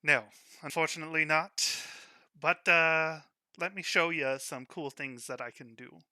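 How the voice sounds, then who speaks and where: Brief: a man playing a brash gnome shopkeeper, bright, loud, hard-selling, over a voice call. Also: fairly high pitch, steady tone, measured pace, clean tone, no echo, clean studio sound. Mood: salesy. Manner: loud boastful sales patter. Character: pushy fast-talking male gnome shopkeeper. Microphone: online voice call.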